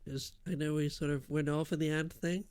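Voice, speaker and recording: An Irish man co-hosting a podcast, chatting casually with dry, deadpan one-liners. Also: a little high, brisk, smooth, dry recording. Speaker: podcast co-host. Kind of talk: casual comedic chat.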